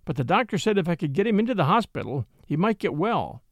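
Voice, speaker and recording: Pleading young country mother, high and anxious, put on by a male narrator. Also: very animated, quick pace, no echo, exaggerated voice. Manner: pleading, gentle.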